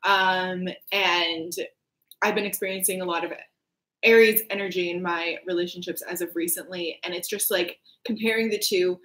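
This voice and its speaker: A woman giving a casual astrology reading, animated and laughing, who swears freely and acts out quoted voices. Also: lowish voice, moderate pace, echoey room. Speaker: astrology reader.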